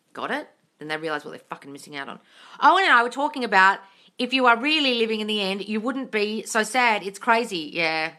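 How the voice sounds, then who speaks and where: A very bright, sharp-toned woman chats through a live Q&A as a manifesting coach, reading out viewer comments. Her pitch swoops up and down, she swears casually and calls everyone darling. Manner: gushing bursts of excitement.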